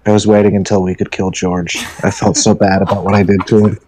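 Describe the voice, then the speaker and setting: A man narrating his turn in a tabletop storytelling game, a lively storyteller who swears and jumps into character voices. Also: sits low, fast talker, low-quality recording. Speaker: player.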